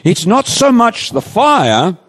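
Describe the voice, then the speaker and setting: Emphatic and pleading, this preacher stretches scripture quotations out slowly. His fairly high voice is highly animated, rising and falling to stress every point, and it rings with long, hall-like reverb.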